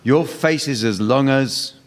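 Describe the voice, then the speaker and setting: A man hosting a comedy panel game on stage before a live audience, dry and deadpan. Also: mid-range voice, unhurried. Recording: reverberant hall, loud noise.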